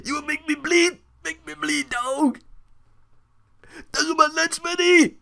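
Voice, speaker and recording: A man putting on a loud, blustering male wrestler with a mock accent, boasting and making threats. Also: extremely high pitch, vocal fry, voice pushed up, heavily acted.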